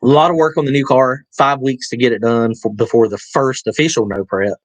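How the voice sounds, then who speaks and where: A man's voice: mid-range voice, a little fast, no room sound, poor audio. A man with a Southern US accent hosting a casual live stream, rambling through fillers and restarts while answering viewer comments. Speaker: livestream host. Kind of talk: casual livestream chat.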